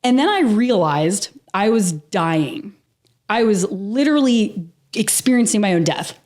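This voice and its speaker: As a guest in a casual podcast interview, a woman tells a personal story in a medium-pitched, unhurried voice. Her storytelling is animated and vivid, punctuated by laughs and casual swearing.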